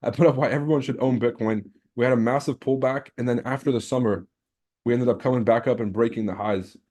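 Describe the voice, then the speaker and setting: This trading livestream host talks fast in a steady, warm, medium-pitched voice. He's casual and brash, teasing viewers as he reads their chat aloud, cursing freely.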